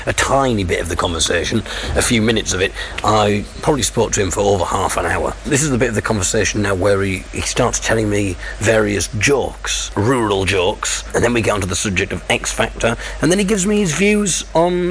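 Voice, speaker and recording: A man's voice: on the low side, fairly bright tone, a little hiss or hum. Chatty man on a country walk. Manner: chatty, amused, a bit awkward. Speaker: podcast host. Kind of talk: casual walking chat and narration.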